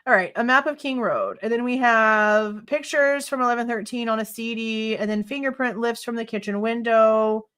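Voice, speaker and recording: A woman's voice: on the high side, normal speed, hardly any pauses, a bit bright, clean tone. A woman hosting a live true crime stream, reading court documents aloud and ranting in exasperation, swearing freely. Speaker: true crime livestream host.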